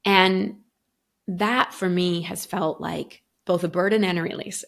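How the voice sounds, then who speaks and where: A woman's voice: on the low side, steady tone, moderate pace, vocal fry. A middle-aged woman guest talking earnestly in a reflective podcast conversation, thinking aloud with many fillers. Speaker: guest coach.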